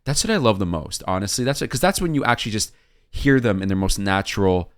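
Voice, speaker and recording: A man's voice: fairly low pitch, very animated, quick pace, smooth, no room sound, clean studio sound. A man hosting a reaction video, gushing and thinking aloud in casual commentary.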